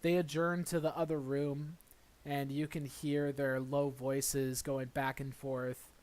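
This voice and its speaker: A man narrating a tabletop role-playing game as dungeon master, relaxed and halting, with fillers and restarts. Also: mid-range voice.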